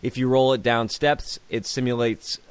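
A man's voice: medium pitch, little pitch movement, moderate pace, clean tone, no room sound. A man co-hosting a podcast in casual chat, reading through a list and joking along. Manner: reads list items aloud, jokey, laughs often. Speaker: podcast co-host.

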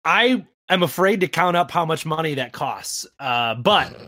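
Lively high-voiced male podcast host. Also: no echo, clean studio sound. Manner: animated, quick, jokey. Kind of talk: casual chat.

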